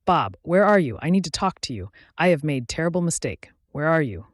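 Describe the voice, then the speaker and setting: A man voicing an angry betrayed wife who shouts accusations in a story reading. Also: a little high, big pitch swings, a little fast, dry recording, clean studio sound. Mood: pleading.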